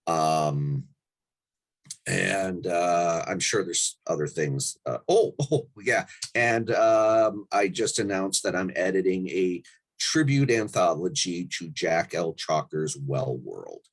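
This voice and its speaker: Low husky guy editor rambling on with ums and uhs. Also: lively intonation. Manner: rambling, halting with many fillers. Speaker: anthology editor. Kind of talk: casual round-table chat.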